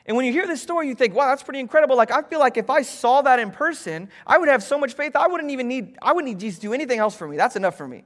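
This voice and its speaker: A man preaching a sermon from a church stage, lively and joking with the congregation between scripture readings. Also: extremely high pitch, rapid-fire, few pauses, in a large hall. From Florida, US. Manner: animated, jokey asides to congregation. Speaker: pastor. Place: church stage, large hall.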